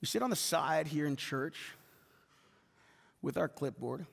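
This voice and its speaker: A man preaching a sermon as pastor and telling a story, animated and acting out shouted voices. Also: on the high side, a little slow, creaky, slightly rough. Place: church sanctuary. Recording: long church reverb.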